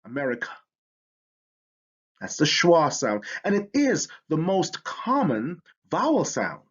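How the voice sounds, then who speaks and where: Lively, enthusiastic male teacher. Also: on the high side, slow pace, husky, muffled recording. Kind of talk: educational lesson.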